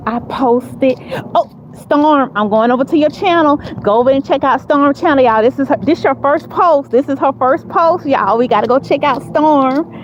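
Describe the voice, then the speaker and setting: A woman hosts a casual livestream, chatting and laughing with her viewers as she walks outdoors to her car. Her voice sits a little high and comes through a handheld phone with a dull, muffled sound. Steady outdoor noise runs underneath. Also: normal speed. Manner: chatty, talks to chat readers, frequent laughs and fillers. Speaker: livestream host. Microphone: phone held in hand.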